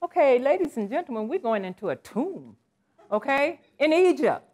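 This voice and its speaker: A woman in her sixties delivers a conference talk with playful, exclamatory energy. Her fairly high voice swings through teasing asides and bursts of wonder. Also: very animated, moderate pace, a little mellow. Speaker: conference presenter. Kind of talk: live conference presentation. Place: conference session room.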